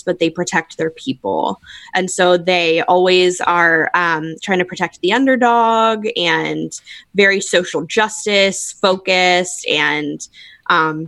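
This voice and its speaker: A woman expert speaks in a lowish voice, explaining patiently and dotting her sentences with "like" and "um". The sound is close and dry, with no room in it. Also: dry recording. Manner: steady explaining, frequent "um" and "like". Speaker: Enneagram expert guest. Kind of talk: explanatory conversational chat.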